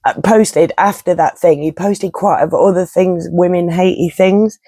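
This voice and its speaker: A woman's voice: fairly low pitch, unhurried, warm tone, no room sound. A woman, ranting bluntly and chattily to her viewers, swearing and laughing as she goes. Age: 50s. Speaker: vlogger. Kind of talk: casual rant to camera.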